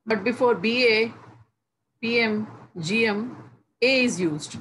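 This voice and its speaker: A woman teaching English grammar, explaining each rule slowly and repeating the example words one by one with pauses between phrases. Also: fairly high pitch, fairly bright tone, rough recording. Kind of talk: slow, deliberate classroom explanation. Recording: faint background noise.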